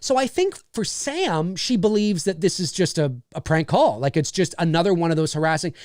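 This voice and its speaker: A man's voice: sits high, moderate pace, few pauses, no room sound, studio quality. A man hosting a casual livestream, animatedly talking through film scenes he made. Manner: animated, acts out scenes as he explains.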